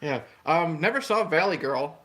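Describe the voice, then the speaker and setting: A man's voice: fairly high pitch, animated, moderate pace, noisy background. A man co-hosting a live stream, chatting casually about movies in a rambling, easygoing way and laughing often. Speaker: co-host of a live stream show.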